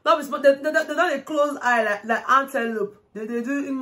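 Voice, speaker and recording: A young Nigerian woman recaps the week's reality TV drama in a lively, gossipy vlog. Her voice sits a little high. She slides between English and Pidgin and jumps into other people's voices to act out their lines. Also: fairly quick. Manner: animated, switches between English and Pidgin, acts out quotes. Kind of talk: casual commentary.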